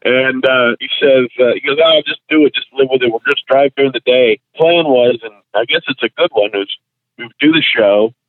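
A man's voice: medium pitch, a little fast, no room sound. Comedian guy telling road stories over a tinny phone line, chuckles a lot, dry sound. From Houston, Texas. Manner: laughs through his anecdotes. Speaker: guest comedian and voice actor. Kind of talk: casual storytelling.

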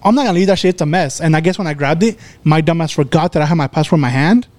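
A young man casually telling a story to friends, swearing freely and getting animated. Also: a little high, very fast, no room sound.

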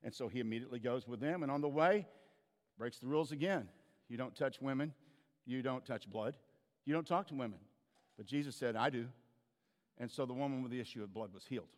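A man's voice: medium pitch, a little fast, long pauses, a little mellow, long reverb tail. A man preaching a sermon as a pastor, telling stories in a conversational way with frequent restarts.

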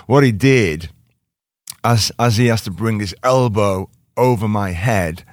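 A man with a Liverpool accent telling an animated story as a guest and acting out the quotes in other voices. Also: lowish voice, a little slow, dry recording, clean studio sound. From Liverpool, England. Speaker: actor guest. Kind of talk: casual chat, storytelling.

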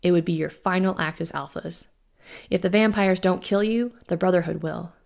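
A woman voicing a man who is a former hunter, speaking with forceful frustration. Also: on the low side, fairly even intonation, moderate pace, gravelly. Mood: urgent. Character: defiant man, former hunter, protective mate.

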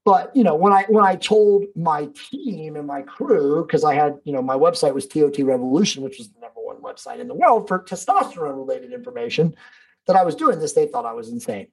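A man's voice: on the high side, animated, fairly quick, creaky, breathy edge, low-quality recording. A man talking as a podcast guest, emphatic and preachy, swearing freely and calling the host bro and dude. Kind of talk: casual podcast conversation.

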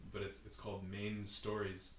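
A man chatting casually, enthusiastic and quick to laugh, talking in bursts. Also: lowish voice, completely flat delivery, a bit bright, reverberant, slight background noise. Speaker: conversation partner. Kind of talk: casual chat.

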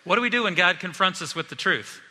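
A man preaching a sermon as pastor, telling stories in a lively, joking way. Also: high-pitched, fast, long reverb tail, a little hiss or hum.

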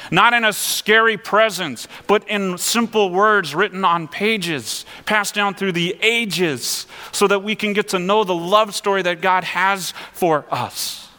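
Earnest pastor with a bright voice. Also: male voice, sits high, long reverb tail. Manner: earnest, conversational preaching with rhetorical questions. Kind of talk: sermon.

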